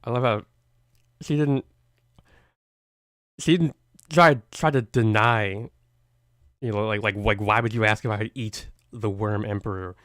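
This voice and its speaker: A man's voice: on the low side, fairly even intonation, unhurried, long pauses, fairly bright tone, no echo. Rambling man co-host, dry sound. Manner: rambling, hesitant, laughing often. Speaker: stream co-host. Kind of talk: casual stream chat.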